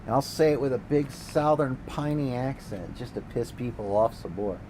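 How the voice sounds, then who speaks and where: A man's voice: medium pitch, normal speed. Profane ranting man, faint hum behind. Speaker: gaming streamer. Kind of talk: casual ranting commentary while gaming.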